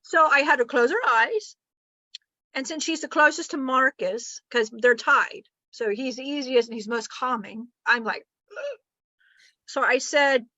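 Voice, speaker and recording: A woman's voice: high voice, expressive, measured pace, sharp tone, no room sound. A woman giving a rambling, chatty spiritual teaching and laughing often. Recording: muffled lo-fi recording.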